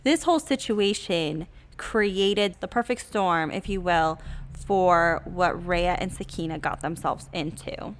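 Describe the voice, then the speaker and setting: A woman's voice: lowish voice, takes it slowly. A woman from Britain co-hosting a casual true crime podcast, wry and sarcastic. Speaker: podcast co-host.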